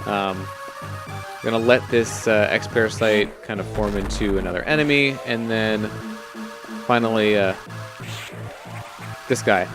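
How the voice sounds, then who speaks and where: Young male let's-play commentator, relaxed, rambling, lowish voice. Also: a little slow, pauses often, music in the background. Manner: relaxed, rambling with many uhs. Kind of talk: casual gameplay commentary.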